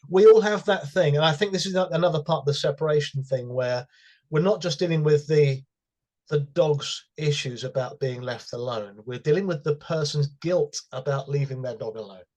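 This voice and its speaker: A man who works with dog owners chats easily and tells anecdotes with an amused chuckle. His voice sits somewhat high for a man. He sounds relaxed and conversational throughout. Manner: storytelling, amused, laughs at his own anecdotes. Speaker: dog behaviour professional. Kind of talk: casual conversational chat.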